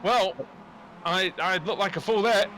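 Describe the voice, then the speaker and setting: Man, lead race commentator, high voice, excitable, noisy background hiss. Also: a little slow. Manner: excitable, rising sharply at incidents. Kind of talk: sim racing commentary.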